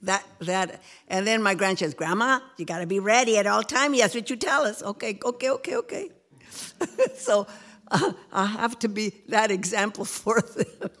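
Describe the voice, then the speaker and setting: A woman's voice: medium pitch, moderate pace, a bit bright. A woman of ninety, nervous about speaking in front of people, talking about her faith with a laugh and reciting a prayer. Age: 90s. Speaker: grandmother interviewed in church. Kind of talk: faith testimony interview.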